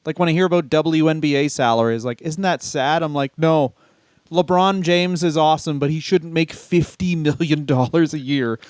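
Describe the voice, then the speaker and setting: A man co-hosting a comedy podcast, talking in loose, profane banter and breaking into laughter often. His voice is smooth and resonant, sitting slightly high, and the sound is close and dry. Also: normal speed, a little mellow, no echo. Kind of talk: casual comedic chat.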